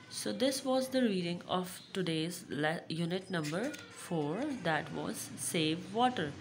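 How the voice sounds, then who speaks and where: A young woman teacher, reading a lesson aloud slowly and repeating each word three times. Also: fairly low pitch, slight background noise. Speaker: primary school teacher.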